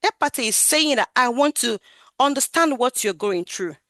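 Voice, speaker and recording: A woman gives an animated, emphatic talk over a video call about growing her career as a QA tester, raising and lowering her voice for emphasis. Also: normal speed, dry recording. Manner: animated, emphatic, varies her loudness and projection. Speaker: QA tester sharing career story. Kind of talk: talk on a webinar.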